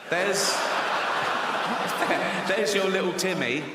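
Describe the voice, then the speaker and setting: Male stand-up, a touch high, sardonic and sweary, live in an echoing hall with audible crowd. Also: very slow. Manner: profane, sardonic storytelling with mock-outraged shouting. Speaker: stand-up comedian. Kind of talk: live stand-up comedy set. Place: large theatre stage with a laughing audience. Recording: live hall sound with audience noise.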